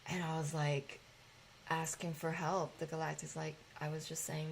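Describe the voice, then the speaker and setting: Woman hosting a spiritual gathering, loose and rambling, somewhat low voice. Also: little pitch movement, normal speed, creaky, slight background noise, low-quality recording. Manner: loose, rambling, with fillers and swearing. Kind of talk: casual spiritual talk.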